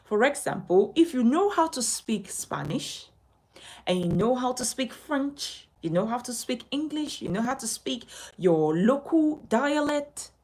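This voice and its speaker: A woman's voice: a little high, sing-song, measured pace, a little mellow, low-quality recording. A woman from Nigeria teaching a speaking lesson as a communication coach, emphatic and instructive, repeating her key points.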